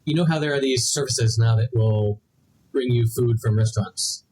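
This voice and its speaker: A young man co-hosting a podcast in casual chat, with a slightly husky, breathy voice. His pitch sits in a middle range. He rambles and restarts his sentences often as he works through an idea. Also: normal speed, darkish tone, rough recording. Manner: rambling, many restarts and fillers. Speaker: podcast co-host.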